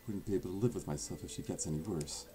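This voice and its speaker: A man voicing a proud, sharp-tongued teen girl from a visual novel, earnest and sarcastic by turns, often dropping to a whisper. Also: low-pitched, fast talker, over music, voice pushed down, natural voice. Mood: remorseful. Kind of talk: fan voice acting of a visual novel.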